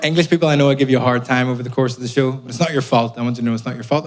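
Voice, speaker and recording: A man's voice: mid-range voice, racing, hardly any pauses, a little hiss or hum. A young Irish man performing a stand-up comedy set, telling stories with punchy asides and swearing. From Ireland. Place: theatre stage before a live audience.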